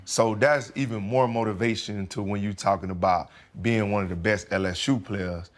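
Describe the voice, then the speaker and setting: A young man talks in an easy, candid way, dropping slang and "you know" often. His voice sits low. He sounds like a football player opening up in a casual podcast interview. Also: steady tone, normal speed.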